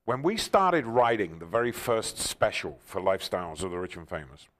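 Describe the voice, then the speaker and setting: An older man recounts stories as a guest, his lowish voice leaping into loud, excited exclamations. He talks like a seasoned showman, enthusiastic and theatrical. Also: normal speed. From England. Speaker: talk show guest. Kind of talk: animated storytelling interview.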